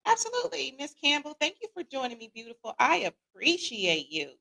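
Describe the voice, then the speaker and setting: Lively, slangy woman hosting a livestream. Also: high-pitched, a little fast, creaky. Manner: lively, slangy, playful, reading viewer comments. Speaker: podcast host. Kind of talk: casual livestream chat.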